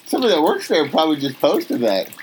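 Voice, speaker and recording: A man's voice: a little high, huge pitch swings, fast, darkish tone, a little hiss or hum. A man co-hosting a podcast in casual chat, blunt and joking, swearing now and then. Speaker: podcast co-host.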